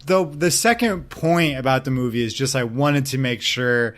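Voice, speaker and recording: A man in a relaxed podcast chat, his voice sitting at a middle pitch. He thinks aloud as he goes, filling with "like" and small restarts. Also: normal speed. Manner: rambling, heavy with "like" and hedges. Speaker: podcast guest. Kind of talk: casual chat.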